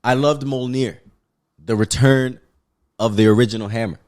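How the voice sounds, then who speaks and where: Male podcast co-host, mid-pitched, from the Pacific Islands, swings between loud rants and mutters. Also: normal speed. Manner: animated, profane, emphatic love-hate rants. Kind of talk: casual movie review chat.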